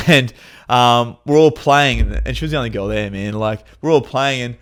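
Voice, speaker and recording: A man's voice: medium pitch, normal speed, fairly bright tone, clear, resonant tone. A man hosting a podcast, telling a personal story in a candid, emotional way, with frequent swearing and passages that rise in intensity. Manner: rises to intense, raised passages when reliving pain. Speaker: podcast host.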